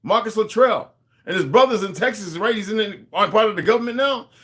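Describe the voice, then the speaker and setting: A man's voice: high-pitched, expressive, a little fast, a bit bright, slight background noise. A man talking to his viewers in a rambling, casual monologue, drifting between asides and restarting his sentences. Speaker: vlogger.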